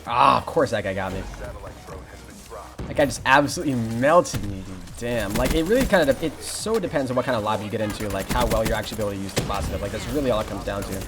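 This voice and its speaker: Fast-talking young man streaming a game. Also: lowish voice. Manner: fast, excitable, reads chat aloud and greets viewers. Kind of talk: live gameplay commentary. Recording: music playing behind.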